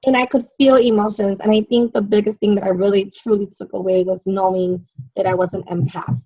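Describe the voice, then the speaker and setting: A woman's voice: mid-range voice, steady tone, normal speed, a little mellow, highs cut off. A woman guest talking as a psychic medium in a casual interview, telling stories animatedly and laughing often.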